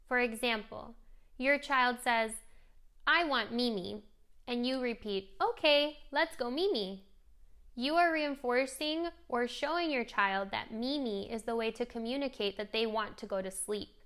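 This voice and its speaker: Woman reading a speech-therapy tip video for parents, kinda high voice, really smooth and clear. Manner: clear, gentle parent coaching with sing-song demonstrations. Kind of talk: scripted instructional narration.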